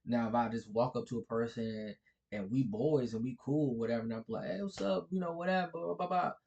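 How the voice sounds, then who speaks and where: A man holds forth in a loose, rambling vlog chat at an ordinary middle pitch. He chuckles through his points and keeps checking in with the listener with a "right?". His speech is colloquial and unpolished. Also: fairly quick, a little mellow, lo-fi sound. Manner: chuckles often, with frequent "right?" and "like". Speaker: vlogger. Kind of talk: casual talking-head monologue.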